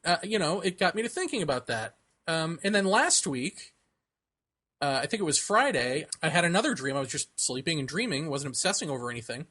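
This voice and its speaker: Guy on a podcast telling a story, bright voice, a bit high, laughs a lot and does little voices. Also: a little fast. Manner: animated, laughs often, acts out quoted voices. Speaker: podcast co-host. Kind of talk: casual storytelling chat.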